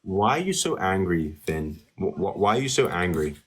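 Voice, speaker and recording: A man's voice: deep voice, very animated, moderate pace, slightly rough. A man hosting a heated live-stream debate, talking down to a caller in a mocking, repetitive way. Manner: condescending, mocking, repeats himself. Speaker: TikTok live debate host.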